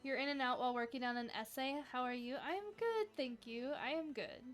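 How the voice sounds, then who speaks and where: A young woman with a fairly high voice hosts a livestream trivia game in a chatty, upbeat way. She fills her talk with "like" and asides to viewers. Soft music plays faintly behind her. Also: fairly even intonation, fast. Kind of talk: casual livestream chat.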